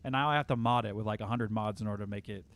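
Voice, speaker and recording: A man's voice: lowish voice, rapid-fire, fairly bright tone. A man hosting a casual live stream, talking through his game in a loose, rambling way. He leans on filler words and restarts as he reads chat aloud.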